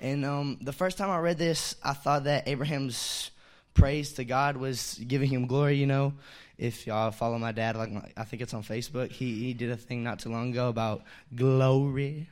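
A young man giving a casual, chatty sermon, full of fillers and restarts, growing louder on key points. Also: mid-range voice. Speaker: young preacher.

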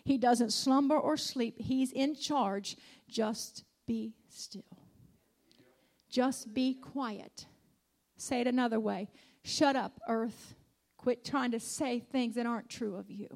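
A woman preaches with a high, bright-edged voice. She leans on repetition and punctuates her points with cries of hallelujah. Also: measured pace, hardly any pauses. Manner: emphatic, repeats lines, calls out hallelujah. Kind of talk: sermon.

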